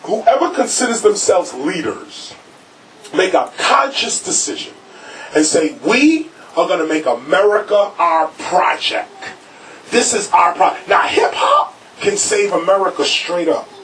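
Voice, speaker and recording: A man's voice: high-pitched, sing-song, a little slow. A man, a rapper speaking to a live crowd in a record store, emphatic and preachy, raising his voice to hammer points home. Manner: preachy, emphatic, shouting for stress. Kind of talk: animated public talk to a crowd. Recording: noisy, distant crowd recording.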